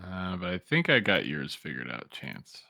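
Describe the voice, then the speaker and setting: A man's voice: low voice, wildly swooping pitch, normal speed, vocal fry, sharp tone, no room sound, studio quality. A man running an online tabletop game as game master, explaining rules patiently with lots of filler words.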